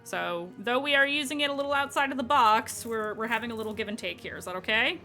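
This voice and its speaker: Bright-voiced woman running a tabletop game. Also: fairly high pitch, fast, faint music behind. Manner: friendly, explains rulings, checks in with players. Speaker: dungeon master.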